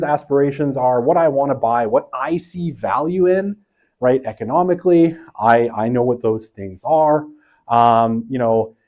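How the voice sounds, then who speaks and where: A man lectures a university class in an easygoing, conversational manner. His voice sits in a middle pitch, and he keeps tagging his points with quick checks to his listeners. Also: a little mellow, dull audio. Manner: conversational, tags points with "right?".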